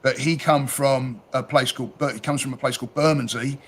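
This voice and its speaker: A man's voice: mid-range voice, steady tone, brisk, husky. A man from South East London with a Cockney accent, chatting casually, telling stories and swearing freely. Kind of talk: casual chat.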